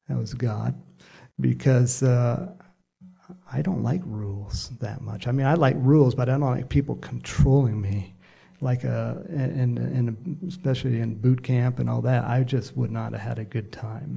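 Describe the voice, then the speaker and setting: A man's voice: medium pitch, vocal fry, warm tone. A middle-aged man preaching a sermon in a rambling, conversational way with self-deprecating asides. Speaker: pastor.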